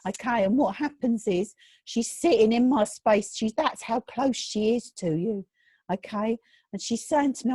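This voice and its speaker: Woman medium on a video call: chatty, reassuring, slightly high, dry and close. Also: a little slow, mellow, husky, dry recording, rough recording. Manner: chatty, reassuring, relays messages. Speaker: spiritualist medium.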